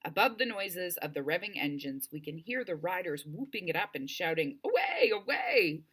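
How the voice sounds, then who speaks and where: A woman narrating a first-person audiobook with expressive, wryly humorous storytelling. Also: deep voice, moderate pace, slightly rough.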